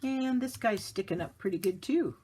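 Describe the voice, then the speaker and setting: A woman's voice: medium pitch, expressive, normal speed, warm tone, slight background noise. A woman giving a casual card-making tutorial, chatty and laughing lightly as she narrates each step at her work table.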